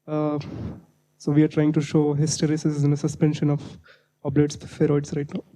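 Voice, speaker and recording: A young male undergraduate in his twenties introducing himself, halting, with many fillers. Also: fairly high pitch, completely flat delivery, dark tone, a little hiss or hum, poor audio. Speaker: undergraduate student. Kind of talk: self-introduction.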